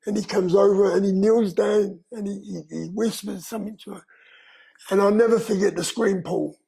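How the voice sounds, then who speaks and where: An older man, slowly and earnestly telling his life story in an interview, with frequent "you know". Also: sits high, steady tone, vocal fry, warm tone, rough recording. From London, England. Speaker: guest.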